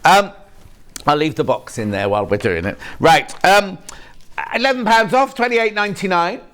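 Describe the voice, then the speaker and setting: A man's voice: high voice, animated, normal speed, fairly bright tone. A man hosting a live shopping channel show, chatting, joking with the crew and reading out viewer messages. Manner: chatty, jokey, reads viewer messages aloud. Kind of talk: live TV sales chat. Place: TV studio.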